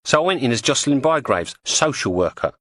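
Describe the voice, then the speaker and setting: A man's voice: mid-range voice, sing-song, fairly quick, fairly bright tone, no echo, pitched above the performer's own voice. A man voicing a bossy, volatile woman crook with an Estuary English accent, breezy and mocking.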